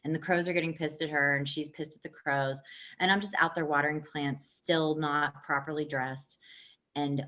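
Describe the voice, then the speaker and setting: A woman with a slightly low voice tells a story in a loose, chatty way. She swears freely, laughs easily and swings her voice up and down as she gets into it. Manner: animated, profane, laughs often. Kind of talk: casual storytelling chat.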